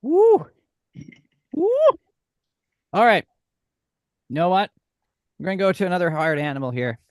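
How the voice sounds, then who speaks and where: A man's voice: fairly high pitch, lively intonation, brisk, clear, resonant tone, dry recording, studio quality. A man hosting a casual live chat, playful and laughing often. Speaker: host.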